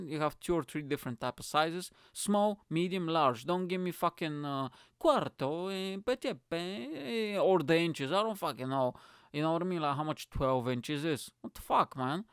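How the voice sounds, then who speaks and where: A man from Bulgaria, hosting his show in an animated, profane comic rant full of filler phrases. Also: on the high side, clear, resonant tone, no room sound, studio quality. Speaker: podcast host. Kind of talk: comic ranting monologue.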